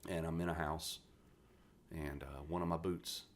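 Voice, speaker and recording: Low-voiced West Virginia man, 40s, gruff profane raconteur, podcast guest. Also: normal speed, a little hiss or hum. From West Virginia, USA. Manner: blunt, profane, animated storyteller. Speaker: podcast guest, retired Marine. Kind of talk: casual interview storytelling.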